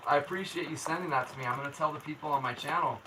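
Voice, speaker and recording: A man's voice: a little high, very fast, far from the mic, background noise. A man hosting a casual weather livestream from his home, chatting with viewers in a laid-back, slangy way and reading their comments aloud. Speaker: local weather livestream host. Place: indoors at home.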